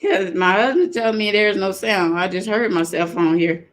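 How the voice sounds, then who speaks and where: A woman's voice: medium pitch, normal speed. A woman hosting a live stream, chatting casually and animatedly straight to her viewers. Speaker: livestream talk show host.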